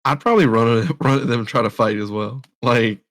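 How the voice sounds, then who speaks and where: A man co-hosting a podcast who reacts loudly with laughter in casual chat. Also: mid-range voice, fairly quick. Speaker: podcast co-host.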